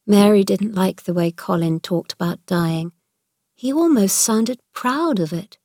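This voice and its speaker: A woman narrating a children's story in a measured, clear reading voice. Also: mid-range voice, a little mellow, no echo, clean studio sound.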